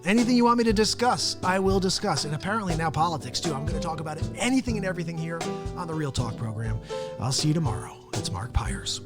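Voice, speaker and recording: A man with a somewhat high voice hosts a casual live stream. He rambles from one thought to the next, chatty and relaxed, and chuckles often. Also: fast talker, over music. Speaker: host of a daily live talk show.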